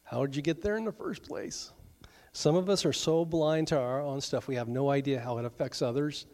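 A middle-aged male pastor preaching a sermon in a conversational way, with joking asides and quick acted-out voices. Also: a little high, a little mellow.

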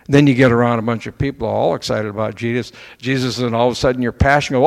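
In a church sanctuary full of long, echoing reverb, a pastor gives a sermon in a chatty style, peppering it with rhetorical questions and impressions of doubters. He talks fast in a creaky, mid-range voice with fairly even intonation.

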